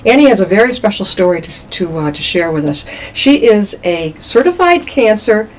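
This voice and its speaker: A woman's voice: medium pitch, sing-song, moderate pace, poor audio. Chatty woman hosting a community show, faint hiss. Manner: chatty, jokey. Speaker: talk show host. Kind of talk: casual interview.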